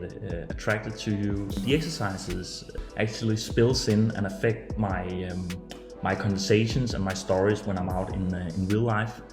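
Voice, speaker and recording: Man, fairly low voice, halting testimonial, lots of uh fillers, echoey room, music playing behind. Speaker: former student giving a testimonial.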